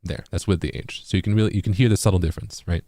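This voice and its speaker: Very deep-voiced man explaining vocal tuning. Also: fairly even intonation, rapid-fire, dark tone, no room sound, studio quality. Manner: explanatory, keeps asking "right?". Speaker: music producer. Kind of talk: casual tutorial stream.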